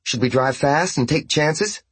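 A man doing a calm woman on the radio. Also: on the high side, slightly rough, no echo, voice pushed up. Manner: calm and measured. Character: woman in a tactical team on the radio.

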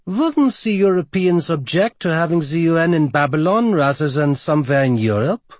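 A blunt woman with a Romanian accent presses a sharp question, her voice lifting as she speaks, as a male narrator reads her. The sound stays husky and dry. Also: fairly high pitch, expressive, normal speed, dry recording, voice pushed up.

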